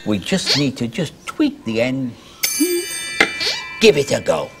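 A man's voice: mid-range voice, huge pitch swings, slow pace, vocal fry, over loud music. A man presenting a children's TV show, doing playful magician patter in a sing-song way.

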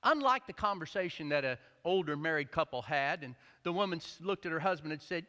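Animated pastor with a high, lively voice. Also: male voice, fairly quick, hardly any pauses. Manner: animated, jokey storytelling. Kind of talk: sermon. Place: church sanctuary. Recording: echoey church hall.

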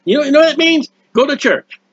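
High-voiced man preaching excitedly at home. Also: fast talker, no echo. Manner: animated, rambling, exclamatory. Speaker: preacher of a hymn channel. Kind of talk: impassioned home sermon. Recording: dull lo-fi dry sound.

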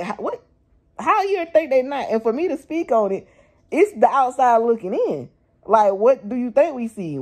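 Blunt slangy young woman ranting on her vlog, keeps asking what u thought, soft mellow tone. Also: a little high. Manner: blunt, slangy, fires rhetorical questions. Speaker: vlogger. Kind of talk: casual opinion commentary.

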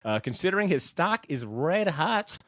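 A man's voice: a little high, very animated, normal speed, fairly bright tone, dry recording. A man hosting a comic book podcast in casual, joking, slangy banter. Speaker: podcast host.

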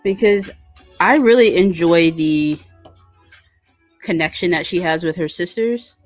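A woman's voice: fairly low pitch, unhurried, soft background music. A woman hosting a casual live stream, chatting and rambling with lots of fillers as she reads out viewer comments. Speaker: livestream host reading viewer chat.

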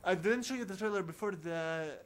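A man giving casual commentary on a video game playthrough, talking haltingly with many restarts and searching for words. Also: high voice. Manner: reads on-screen dialogue aloud in his own voice. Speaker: video game let's player.

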